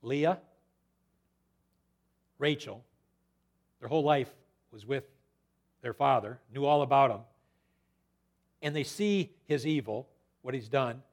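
A male preacher giving an expository sermon in a conversational, animated way, retelling the scripture with his own asides. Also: medium pitch, takes it slowly, long pauses.

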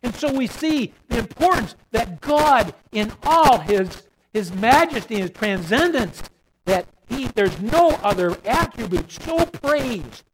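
Guy preaching a sermon, kinda high voice, slow and deliberate, little bit of hiss behind him. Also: animated. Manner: swings between loud emphatic repetition and low quiet asides.

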